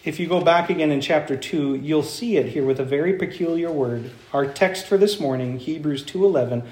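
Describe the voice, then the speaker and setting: Man, pastor, sermon, high voice, asks the congregation questions, echoey church. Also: a little fast, few pauses, a little mellow. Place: church sanctuary. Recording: echoey room.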